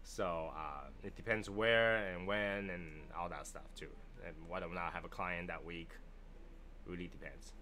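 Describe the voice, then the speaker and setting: On a casual cigar livestream, a man with a Chinese accent talks at normal speed in a low, bright, forceful voice. He's chatty and playful, fielding viewers' questions in easygoing live conversation.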